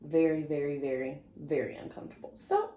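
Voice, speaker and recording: A woman's voice: sits low, brisk. A woman vlogger chatting casually to the camera, telling a story and acting out what people said. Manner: animated, chatty, acts out quotes. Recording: echoey room.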